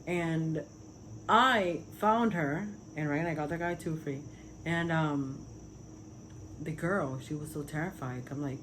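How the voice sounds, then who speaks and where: A vlogger from Puerto Rico gives a casual testimony about her spiritual visions, speaking low and a little slowly over background noise. She's earnest and wanders a lot, using plenty of fillers.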